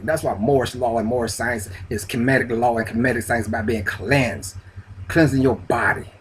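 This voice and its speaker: A man delivers a profane, preachy spiritual rant, full of street slang and repetition. His voice sits in an ordinary middle pitch. A faint hiss of background noise runs under him. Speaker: spiritual video host.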